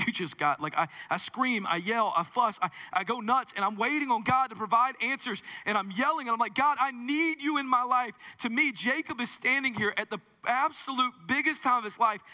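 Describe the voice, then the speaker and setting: Male pastor, high and very forceful, jokey storyteller, echoing church hall. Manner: animated, humorous, conversational storytelling. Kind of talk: sermon. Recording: long reverb in a large hall.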